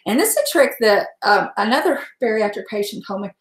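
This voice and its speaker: A woman's voice: mid-range voice, expressive, a little fast. A woman chatting casually while she cooks on a livestream. She rambles from one thing to the next and talks frankly, with a salty word here and there. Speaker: home cook livestreaming. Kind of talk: casual chat while cooking. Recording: echoey room.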